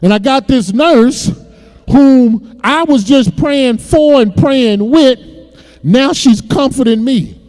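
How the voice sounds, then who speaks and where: Man preaching, very high voice, emotional testimony, repeats words, long church reverb. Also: animated, slow pace, a little mellow. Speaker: pastor. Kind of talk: sermon testimony. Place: church sanctuary.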